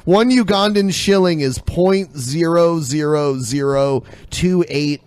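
A man's voice: fairly high pitch, slow pace, darkish tone, clear, resonant tone, dry recording. A man in casual podcast banter, ranting with frequent halts and repeated words. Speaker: podcast co-host.

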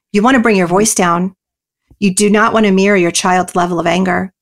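A woman's voice: medium pitch, brisk. Earnest woman explaining parenting advice. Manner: earnest and explanatory, many you-knows and ums. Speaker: author and parenting guest. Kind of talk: interview answers.

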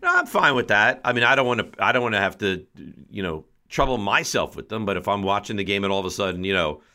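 A man's voice: lowish voice, lively intonation, quick pace, pushed and bright. A man hosting a sports talk show, playfully grumpy and emphatic in his complaints. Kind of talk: casual chat.

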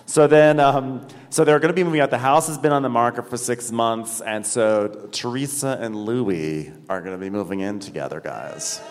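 A man's voice: mid-range voice, fairly even intonation, normal speed, few pauses. A man co-hosting a live podcast, recapping an episode with dry, wry quips. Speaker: podcast co-host. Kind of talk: comedic recap chat. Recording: live venue with hall reverb.

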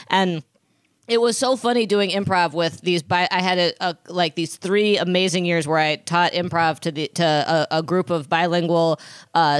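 A woman's voice: fairly low pitch, clear, resonant tone, dry recording. A woman in her thirties co-hosting a podcast, chatting casually and telling stories, acting out the voices she quotes. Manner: animated storyteller, acts out quoted voices. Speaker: podcast co-host. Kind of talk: casual gossip chat.

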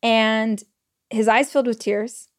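A woman hosting a solo podcast, telling personal stories in a chatty, animated way full of "like" fillers and quoted thoughts. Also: fairly high pitch, slow. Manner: retells stories with quoted inner speech. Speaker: podcast host. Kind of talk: casual solo podcast storytelling.

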